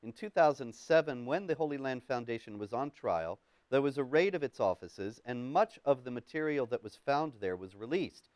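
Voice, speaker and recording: A man hosts a political talk show. His voice is smooth and clear, recorded dry and close to the mic. He questions his guest in a measured, deliberate way. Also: medium pitch, expressive, a little mellow, dry recording. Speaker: host.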